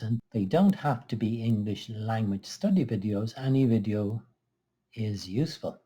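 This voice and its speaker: Guy teaching english pronunciation, low mellow voice, bit husky, careful and measured. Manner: slow, careful, measured delivery with small restarts. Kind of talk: scripted lesson explanation.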